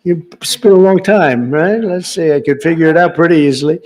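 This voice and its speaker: A man's voice: on the high side, normal speed, a little mellow. A man giving an off-the-cuff speech at an indoor reception, rambling and teasing guests in the room with asides.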